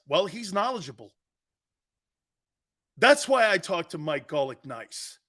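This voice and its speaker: A middle-aged man hosts a sports talk radio show in a brash, mocking way, firing back at listeners. His voice sits high and bright, with lively, sweeping pitch. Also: unhurried, long pauses. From United States.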